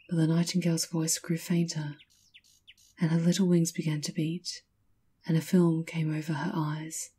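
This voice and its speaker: A woman narrating a fairy tale in a measured, lyrical way. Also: sits low, mellow, husky. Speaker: storyteller. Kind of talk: scripted storybook narration.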